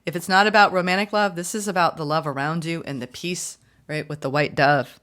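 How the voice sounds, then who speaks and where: A woman reading tarot for her viewers, chatty and upbeat, often gushing with excitement. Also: deep voice, a little fast. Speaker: tarot reader.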